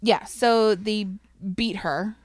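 A woman's voice: mid-range voice, slow, no echo. A woman casually telling a history story to a co-host, swearing freely, laughing and getting emotional.

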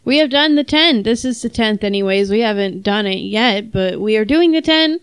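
A woman's voice: fairly high pitch, animated, moderate pace, clear, resonant tone, no echo. A woman co-hosting a casual podcast with friends, teasing and laughing often. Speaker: podcast co-host. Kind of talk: casual chat among friends.

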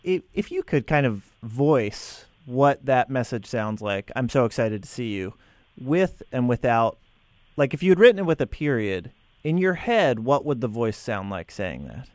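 A man co-hosting a casual radio show, asking curious, lively questions. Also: mid-range voice, unhurried, no room sound. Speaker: podcast co-host.

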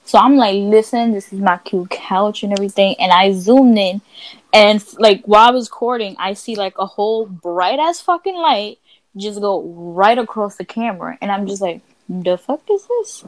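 Young woman, podcast co-host, brash and profane, animated quoting, dry close sound. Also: mid-range voice, normal speed, no room sound, poor audio. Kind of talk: casual storytelling chat.

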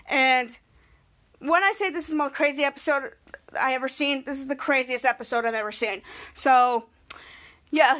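High bright-voiced woman podcast host. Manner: rambling, repeats herself, acts out quotes loudly. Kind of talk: casual episode recap.

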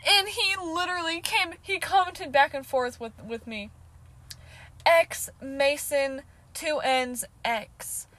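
A woman's voice: high voice, slow, fairly bright tone. Chatty young woman telling a storytime. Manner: chatty, heavy filler "like", frequent swearing, laughs often. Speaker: vlogger. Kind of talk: casual storytime chat.

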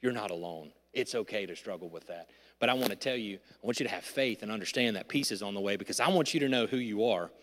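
A man preaching a sermon, candid and self-deprecating, who swings from loud outbursts to hushed asides. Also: fairly low pitch, fast talker. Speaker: pastor. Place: large church hall. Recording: reverberant church sanctuary.

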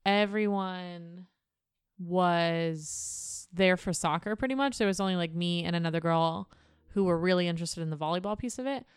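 A woman's voice: fairly low pitch, normal speed, clear, resonant tone, no echo, studio quality. A woman co-hosting a podcast, telling stories in an emphatic, exasperated way. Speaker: podcast co-host. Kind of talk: casual chat.

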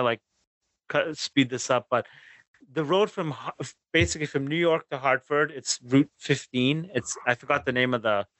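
A man telling a road trip story in casual podcast chat, animated and swearing, acting out his own rants. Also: mid-range voice, no room sound.

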